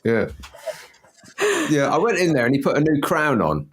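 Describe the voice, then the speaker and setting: A middle-aged man hosting a casual podcast chat, joking in a dry, deadpan way. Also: fairly high pitch, moderate pace, a little hiss or hum. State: has toothache. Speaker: podcast host.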